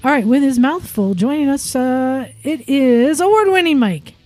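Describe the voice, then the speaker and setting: A woman hosting a casual chat show from a garage studio, bubbly and quick to laugh. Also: sits high, expressive, mellow, soft background music. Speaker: podcast host.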